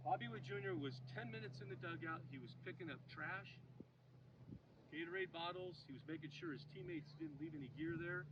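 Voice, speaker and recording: A man in his forties, a former pro ballplayer, giving an animated motivational talk to a youth team, asking them questions as he tells stories. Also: on the high side, a little fast, dull audio. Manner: animated storyteller, asks the kids questions, shouts quoted chants. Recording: distant outdoor recording with background noise.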